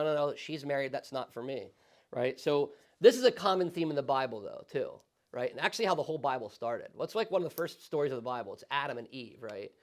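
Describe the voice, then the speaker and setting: A male pastor teaching a Sunday school Bible study in a conversational, animated way, often checking in with the class. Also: fairly high pitch. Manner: conversational, animated, frequent tag questions.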